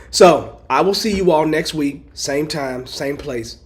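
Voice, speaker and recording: A man hosting a live show, coaching a guest in a friendly, encouraging way while going hoarse and clearing his throat. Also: fairly high pitch, expressive, slow. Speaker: host and agile coach. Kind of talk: casual live show chat.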